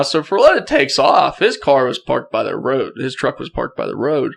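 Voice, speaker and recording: A young man, a podcast guest, telling a hunting story in a casual, animated way, often laughing and clearing his throat. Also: medium pitch, moderate pace.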